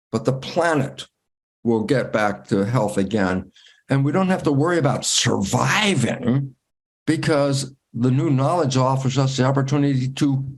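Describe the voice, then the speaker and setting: A man, a guest in an interview, telling stories in a lively way and acting out his own inner dialogue with big swings in pitch. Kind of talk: conversational storytelling.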